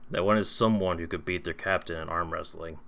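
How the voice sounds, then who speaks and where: A man playing a grumbling drunk male wizard who mutters in a low, sullen voice. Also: steady tone, fairly quick, gravelly, fairly bright tone.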